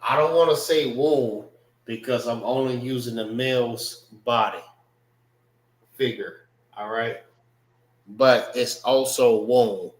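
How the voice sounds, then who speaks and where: Slow-talking man teaching a language class. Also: mid-range voice, roomy sound. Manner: slow, repeats words while spelling them out. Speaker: religious class instructor.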